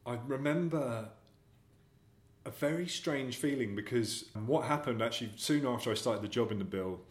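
A man talks as an interview guest at a mid-range pitch, loose and chatty. He rambles through self-deprecating stories. The recording has a noticeable room echo. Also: moderate pace. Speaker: guest actor. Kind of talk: casual interview storytelling. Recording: echoey room.

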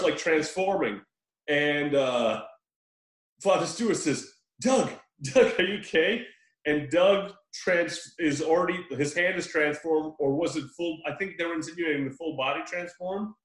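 A man on a casual film podcast, retelling a movie with animated storytelling and frequent laughs. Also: a little high. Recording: echoey room.

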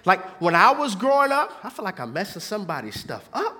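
A man in his thirties preaching a sermon as pastor, swinging between hushed asides and shouted points with the congregation. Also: high-pitched, wildly swooping pitch, brisk.

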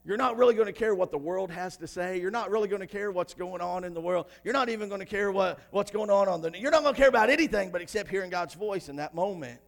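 A man with a high-pitched voice preaches a sermon in a church. He reads scripture quietly, then builds to loud, shouted passages. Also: fast, vocal fry, hardly any pauses.

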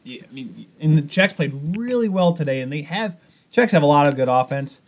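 A man's voice: a little high, animated, brisk, background noise. A man co-hosting a podcast, rambling in casual chat with restarts and self-corrections. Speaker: podcast co-host.

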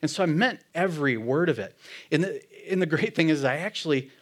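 Animated and fairly fast, this man shares a personal faith story in an earnest, easygoing storytelling style. Plain-spoken and, by his own account, hard-headed, he laughs a lot and lowers his voice to a murmur whenever he repeats what he or his friend said.

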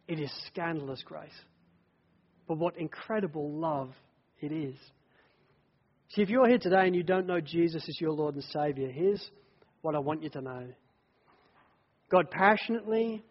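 A man preaching a sermon, telling the story dramatically, swelling from hushed lines to loud ones and repeating phrases in threes. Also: on the high side, moderate pace, long pauses, long reverb tail, lo-fi sound.

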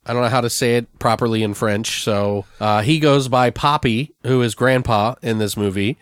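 A man's voice: mid-range voice, steady tone, moderate pace, clean tone, no room sound. Podcast host, male, casual and profane, reads film trivia, dry close sound. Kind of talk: casual movie podcast chat.

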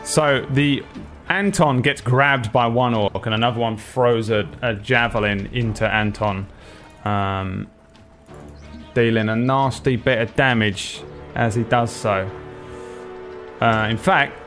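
A young man runs a tabletop game, narrating the action in a loose, rambling way. He leans on fillers and laughs often, and his voice sits in a middle pitch with faint music underneath. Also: measured pace, fairly bright tone. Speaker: game master.

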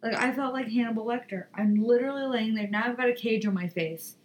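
A tired woman hosting a podcast, telling a story in a profane, rambling, animated way. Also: fairly high pitch, fast, a little hiss or hum, low-quality recording. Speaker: podcast host. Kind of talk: casual solo podcast monologue.

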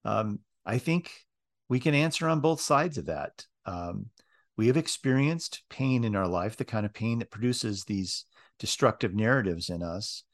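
A man gives a reflective sermon, breaking up his thoughts with ums and uhs. His voice is lowish and steady. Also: unhurried. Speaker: preacher. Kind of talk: sermon with read-aloud passages.

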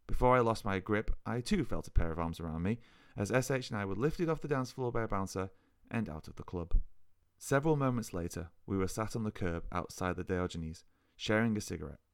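A man narrating his own story in first person for a podcast, in a measured, wry way. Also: fairly low pitch, smooth, no room sound, clean studio sound.

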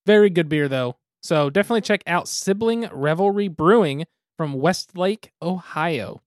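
A man's voice: a little high, moderate pace, no echo, studio quality. A man hosting a casual podcast, easygoing and methodical as he reviews. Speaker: podcast host. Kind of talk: casual podcast chat, beer and game review.

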